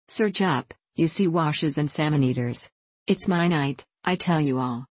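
Boisterous frontier man near thirty, read by a woman, hearty folksy calls, low voice, dry sound. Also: a little slow, slightly rough, no echo. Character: boisterous male gold-rush adventurer turning thirty.

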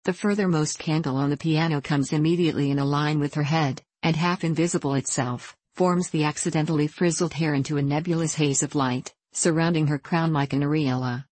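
Low-voiced woman narrating a novel. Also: steady tone, darkish tone, no echo. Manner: measured, literary reading. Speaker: audiobook narrator. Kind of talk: scripted narration.

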